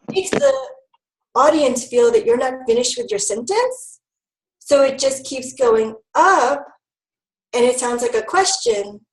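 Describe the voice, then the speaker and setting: A woman's voice: fairly high pitch, reverberant, rough recording. A woman giving an online training talk to new health educators, upbeat and instructive, with frequent ums.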